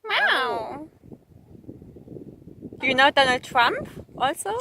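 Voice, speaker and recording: A woman's voice: fairly high pitch, animated, moderate pace, bright, forceful tone. A woman with a playful, teasing, sing-song manner chatting to a seagull outdoors by the sea, with frequent giggles. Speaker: vlogger filming a seagull. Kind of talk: playful talk to an animal. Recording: noisy outdoor recording.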